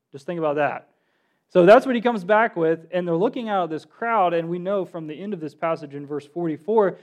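A man with a fairly high voice preaches a sermon. He is animated, often turning to his listeners with questions. He acts out the quoted lines.

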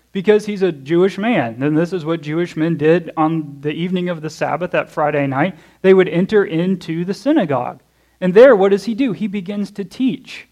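Preacher, male, higher register, conversational sermon with frequent audience check-ins. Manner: conversational, checks in with "okay?" and "right?"; asks questions to the audience and answers them. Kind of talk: expository sermon. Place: church.

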